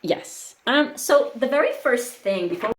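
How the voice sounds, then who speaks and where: Here a tarot reader speaks at a fairly high, sing-song pitch, unhurried, and the room sounds spacious. Picked up by the camera mic, she rambles chattily through a casual reading to camera, leaning heavily on "like".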